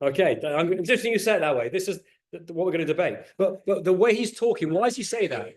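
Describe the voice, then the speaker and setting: A middle-aged man, a rabbi, teaching a Torah class to a group, animated and questioning, often repeating words as he speeds up. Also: high-pitched, racing. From England. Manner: animated, asks the audience questions, repeats words when excited. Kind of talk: lively teaching talk to a group. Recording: roomy echo.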